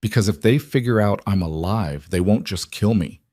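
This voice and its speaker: A man voicing a cold, controlled young man who gives orders in an even, commanding tone. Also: fairly low pitch, moderate pace, dry recording, clean studio sound, lightly acted.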